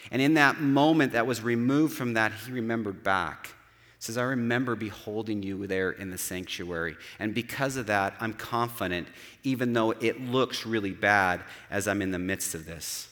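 A man's voice: on the low side, moderate pace, a bit bright. Earnest preaching man in a reverberant hall. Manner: earnest, conversational preaching with rhetorical asides. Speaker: pastor. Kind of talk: sermon.

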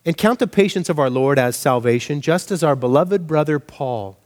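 A pastor delivers his sermon in a casual, animated style. He asks his listeners rhetorical questions as he goes. His voice sits a little high for a man. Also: moderate pace.

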